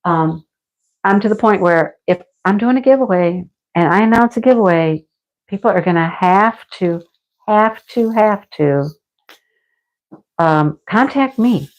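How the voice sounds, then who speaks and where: A woman's voice: mid-range voice, animated, unhurried. A middle-aged woman hosting a craft livestream, chatting casually and answering viewer comments, rambling, laughing often and turning a little snarky. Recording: dull lo-fi home stream audio.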